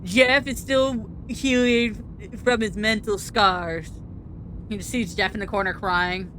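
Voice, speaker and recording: A woman's voice: medium pitch, fairly even intonation, slow pace, fairly bright tone, a little hiss or hum. A woman voicing a laid-back male surfer dude instructor with a drawling, rambling, goofy way of talking. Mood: joking.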